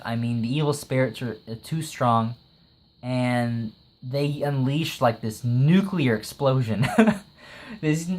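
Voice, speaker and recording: A man casually reviewing an anime episode, excitable, laughing often and leaning on "like" as he retells scenes. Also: mid-range voice. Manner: retells scenes with quick acted quotes.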